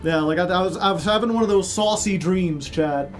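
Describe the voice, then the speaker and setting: A man with a high voice speaks briskly over faint music while streaming a card game. He chats casually with his chat, rambling, joking, and often laughing at his own jokes.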